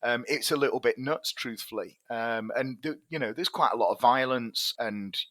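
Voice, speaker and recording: Chatty English tech boss, bright voice. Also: male voice, mid-range voice, moderate pace, dry recording. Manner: chatty, rambling anecdotes with many fillers. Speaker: tech CEO guest. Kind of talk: casual storytelling interview.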